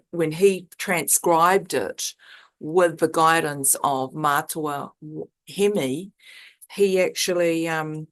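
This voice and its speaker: A woman shares her spiritual reflections with a circle at an unhurried, drawn-out pace. Her voice sits lower than most, and her talk wanders earnestly through restarts and fillers.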